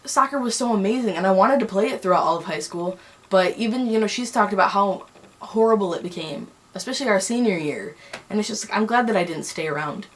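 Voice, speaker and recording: A woman's voice: medium pitch, fast talker. Angry young woman venting a story. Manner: angry, heated, rambling. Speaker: vlogger. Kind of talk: storytime vlog.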